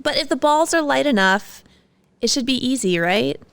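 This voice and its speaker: A woman co-hosting a laid-back podcast, her voice smooth and clear. She jokes around and laughs readily with her co-hosts. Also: high voice, lively intonation, normal speed. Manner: playful and laughing. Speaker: podcast co-host. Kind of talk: casual chat.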